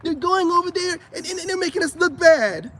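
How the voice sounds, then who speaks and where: A whiny complaining woman who stammers and repeats herself in a shrill, mocking falsetto, as a man puts her on. She is squeezed up far above his own voice. Loud noise runs under the recording. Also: lively intonation, brisk, full character voice. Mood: whining. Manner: stammering, whining, high falsetto.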